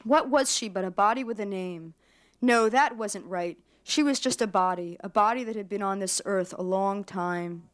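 A woman writer giving a measured literary reading of her own fiction. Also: mid-range voice.

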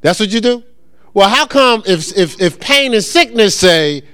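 A male pastor teaches a congregation, and his pitch swings up and down with animation. His voice is a little high for a man and is recorded dry and close, with no room echo. He keeps checking in with the listeners and slips in humor. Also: lively intonation, moderate pace, fairly bright tone. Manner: call-and-response, asks congregation to answer; humorous, acts out quoted voices. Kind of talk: interactive sermon teaching.

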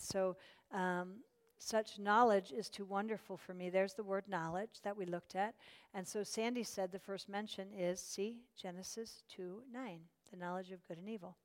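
Bible study teacher in a reverberant hall. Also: female voice, medium pitch. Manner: warm and encouraging, with many fillers and restarts.

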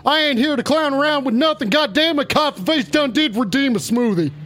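Animated and a little fast, a man with a very high voice rants over faint music. He's streaming in a persona as a profane, brash male wrestler, trash-talking and repeating insults in a gruff, shouty voice full of swearing.

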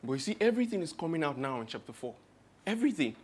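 A man's voice: fairly high pitch, sing-song, racing, breathy edge. A man with a Nigerian accent preaching a sermon in a humorous, rhetorical way, piling up long spoken lists.

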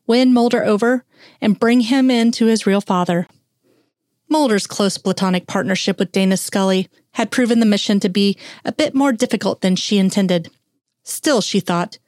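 Woman narrator for a fan fiction reading; steady, mid-range voice, dry and close. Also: mid-range voice, no room sound.

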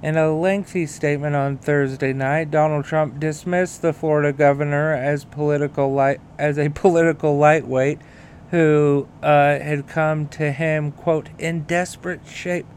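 A man's voice: on the high side, level tone, unhurried, darkish tone, a little hiss or hum. A man hosting a podcast, reading news and riffing in a profane, rambling, self-mocking way. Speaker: podcast host. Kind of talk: casual news commentary.

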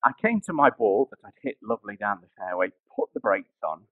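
Gravelly preacher with a lively voice. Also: male voice, fairly low pitch, brisk, no room sound, phone-quality sound. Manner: storytelling, building to emphatic rises. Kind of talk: sermon with personal anecdote.

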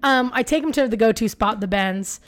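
A woman co-hosting a podcast, telling a story in casual chat, animated and swearing freely with lots of fillers. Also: fairly high pitch, brisk, slight background noise. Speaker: podcast co-host.

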